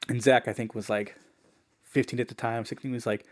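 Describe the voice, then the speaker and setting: A man guest on a podcast, telling a personal story in a casual, animated way, full of "like" and "man". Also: medium pitch, fairly quick. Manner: animated, acts out the people he quotes; fillers like "man" and "like".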